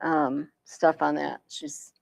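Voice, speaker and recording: A woman's voice: deep voice, sing-song, takes it slowly, creaky. A woman co-hosting a political talk podcast, chatting casually and often trailing off mid-sentence. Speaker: podcast co-host.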